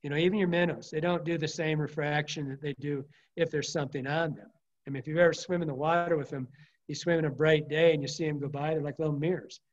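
A middle-aged man with a somewhat high voice teaches fly fishing in a loose, rambling way, piling up anecdotes with false starts and casual swearing. The recording sounds dull and lo-fi. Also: steady tone, quick pace. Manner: rambling, colorful storyteller with frequent restarts and mild swearing.

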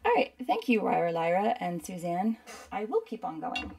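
A woman's voice: medium pitch, animated, a little fast, vocal fry, darkish tone, far from the mic. A woman teaching a live painting demo at her desk, chatting and rambling to herself as she works. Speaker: art instructor.

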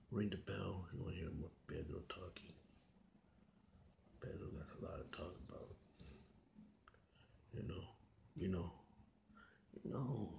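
Comic lead: man doing an easygoing rambler, slow drawl, half-whispered mumble. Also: deep voice, creaky, slight background noise, heavily acted. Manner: slow, rambling, repetitive asides. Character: laid-back rambling young man character, easygoing. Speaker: comedy vlogger. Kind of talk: comic character monologue.

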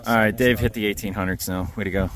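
A man's voice: on the low side, steady tone, quick pace, a crowd in the background. A man hosting a metal detecting vlog, narrating casually on the spot outdoors at a dig site and cheering on his friends in an upbeat way.

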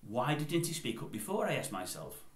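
Older bloke, mid-pitched, digressive vlogger rant, recorded in an echoey room. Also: male voice, huge pitch swings, normal speed. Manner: rambling, digressive, opinionated. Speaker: YouTube commentator. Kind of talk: casual opinion vlog.

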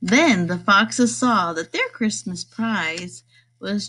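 A woman reading a rhyming picture book aloud, in a lively sing-song way. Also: medium pitch, takes it slowly. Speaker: storybook reader.

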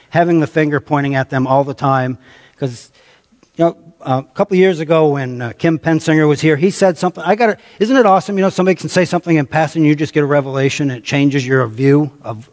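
American male pastor, slightly high voice, conversational sermon, long church-hall reverb. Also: darkish tone. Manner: conversational preaching, calls on the congregation, repeats phrases for emphasis. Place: church sanctuary.

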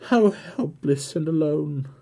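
A man reading a classic novel aloud, voicing an anguished young blind woman in a high, raised voice. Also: very animated, unhurried, breathy edge, heavily acted. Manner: high, loud, cries out.

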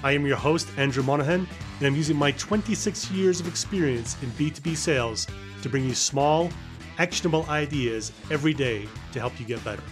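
A man's voice: a little high, over music. Middle-aged man with a faded Scottish-American accent. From Scotland. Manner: quick talker who sometimes mumbles words. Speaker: podcast host. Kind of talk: solo podcast monologue.

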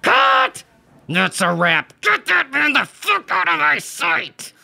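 A man's voice: very high voice, wildly swooping pitch, slow pace, creaky, bright, forceful tone, voice pushed up, heavily acted. A man voicing a violent, foul-mouthed producer over a hundred years old who screams threats in a shrieking, strained voice.

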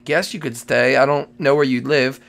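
Excitable gravelly young-sounding man host. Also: mid-range voice, normal speed. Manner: excitable, exclaiming and repeating himself. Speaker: channel host and Minecraft role-play player. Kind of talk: excited game role-play commentary.

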